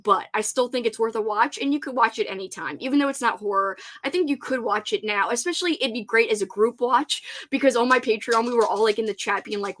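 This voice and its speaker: Bubbly higher-voiced woman chatting on a livestream. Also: fairly bright tone. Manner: bubbly and gushing, laughs often, many "like" fillers. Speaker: host of a reading livestream. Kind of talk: casual livestream chat, reading out viewer comments.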